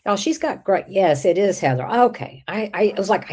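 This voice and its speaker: A woman hosting a casual livestream, chatting with viewers, with an irritated throat she keeps clearing. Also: mid-range voice, lively intonation, normal speed, darkish tone. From Texas. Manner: chatty, rambling, reads out viewer comments. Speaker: livestream host.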